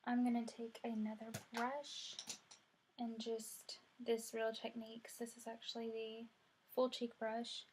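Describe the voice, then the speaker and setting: A woman's voice: on the high side, monotone, measured pace, noisy background. A young woman, chatting casually through a makeup tutorial and saying "y'all" a lot. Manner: chatty, rambling, says "y'all" often. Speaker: beauty vlogger.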